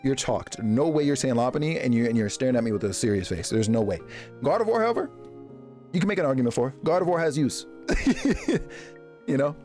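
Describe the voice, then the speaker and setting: A man streaming live, chatting casually with his viewers and reacting to them in a jokey, animated way. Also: quick pace, faint music behind. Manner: animated, jokey, reacting to chat with big pitch jumps and laughs.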